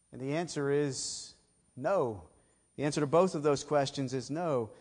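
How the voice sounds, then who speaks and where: A man's voice: a little high, measured pace, darkish tone. A middle-aged man from south of Boston with a Boston accent, preaching a sermon emphatically with folksy asides. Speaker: pastor.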